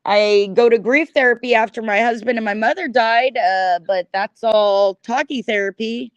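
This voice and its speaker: A woman's voice: on the high side, normal speed, smooth, no room sound, highs cut off. A middle-aged woman hosting a livestream, ranting at her chat in an angry, profane, repetitive way. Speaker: livestream host.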